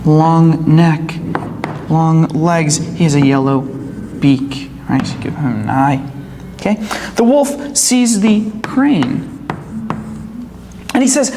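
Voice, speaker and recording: A woman teaching English to young learners, telling a story slowly and explaining each word as she goes. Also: low-pitched, expressive, dark tone. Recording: echoey hall with faint ambient noise.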